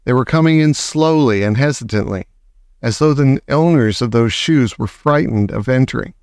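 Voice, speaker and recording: A man narrating a children's storybook aloud, measured and expressive, at an everyday pitch. The recording is dry and close, with no room sound. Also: no room sound. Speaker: audiobook narrator. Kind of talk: storybook reading.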